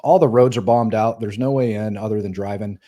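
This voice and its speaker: A middle-aged man, a former soldier, telling war stories casually in an animated, profane way. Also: on the low side, a little fast. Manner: animated, profane, acts out quoted voices. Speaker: podcast guest, former Green Beret. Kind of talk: casual storytelling.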